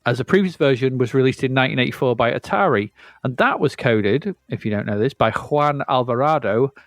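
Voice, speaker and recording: Brisk and animated, a man of medium pitch co-hosts a podcast in clean, echo-free studio audio. The talk is a casual, rambling chat about retro video games, and he keeps correcting himself as he goes.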